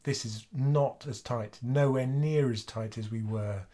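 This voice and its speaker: Man, sore throat, relaxed finance host, thinking aloud at home. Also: mid-range voice, a little slow. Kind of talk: casual livestream commentary.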